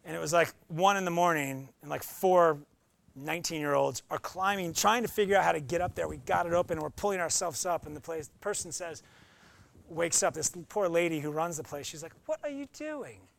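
A man's voice: a little high, steady tone, a little fast, vocal fry. A young adult man preaching a conversational sermon as pastor, often acting out quoted voices.

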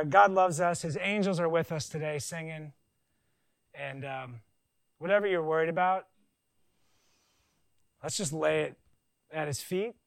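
A man preaching a conversational sermon, joking and animated, with silly voices in his asides. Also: a little high, gravelly, no room sound, rough recording. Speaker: pastor.

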